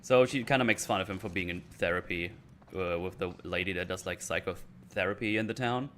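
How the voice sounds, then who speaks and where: A man's voice: low-pitched, fairly quick, a little hiss or hum. A man giving a casual, rambling rant reviewing a TV episode, hesitant and full of restarts. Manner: rambling, hesitant, animated quoting of scenes. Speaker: YouTube show reviewer.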